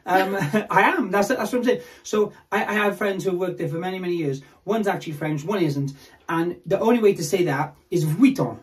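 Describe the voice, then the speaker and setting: A man's voice: sits high, fairly quick, recorded from a distance. A man co-hosting a resale vlog who explains things in an opinionated, lecturing way. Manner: opinionated, lecturing, self-assured. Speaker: co-host, luxury reseller. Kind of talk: casual chat, explaining.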